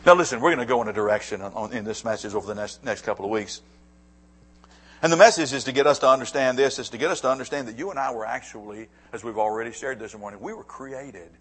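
A male pastor preaching a sermon, dropping to hushed asides and rising to emphatic declarations. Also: mid-range voice, husky.

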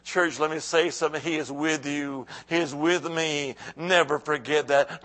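A pastor preaching a sermon, his voice sitting high for a man. He calls questions out to the congregation and answers them himself. He drops to near-whispers and then climbs to shouted lines. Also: steady tone, moderate pace, few pauses. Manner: preaching with call-and-response, swinging from hushed to shouting.

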